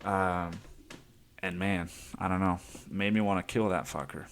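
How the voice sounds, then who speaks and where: A man's voice: sits low, little pitch movement, measured pace, a little hiss or hum. A man hosting a podcast, telling a rambling story in a casual chat style, laughing often and swearing freely. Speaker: podcast host.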